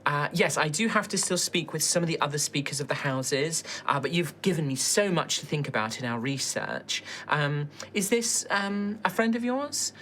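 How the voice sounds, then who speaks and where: A woman voicing a glamorous young dragon noblewoman with a high, lilting, fake-charming manner. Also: expressive, normal speed, hardly any pauses, a bit bright, a little hiss or hum. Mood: gushing.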